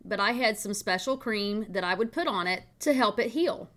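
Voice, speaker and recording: A woman's voice: mid-range voice, lively intonation, moderate pace. A middle-aged woman, hosting a podcast and telling a family story in a chatty, folksy way. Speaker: podcast host.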